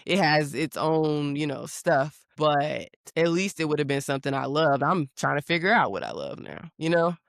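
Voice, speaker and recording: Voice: mid-range voice, moderate pace, gravelly, few pauses, no room sound, studio quality. A young adult podcast co-host chatting casually, playful and teasing, often laughing. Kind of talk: casual chat.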